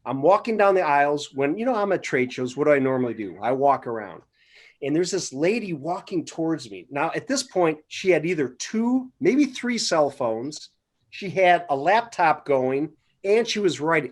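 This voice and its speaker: A man's voice: on the high side, animated, normal speed. A man co-hosting a podcast, telling a playful, exaggerated story to open the show. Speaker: podcast co-host. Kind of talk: casual storytelling intro.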